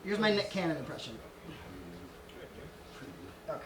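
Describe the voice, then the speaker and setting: A man's voice: high voice, lively intonation, moderate pace, crowd noise. A male stand-up comedian on stage, rambling through absurd bits and laughing at his own jokes.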